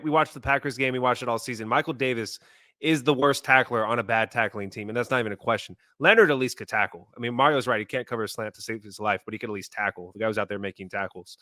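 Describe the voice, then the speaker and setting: A man's voice: medium pitch, sharp tone, no echo. A man co-hosting a sports podcast, bluntly complaining about players and referees in casual chat. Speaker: podcast co-host.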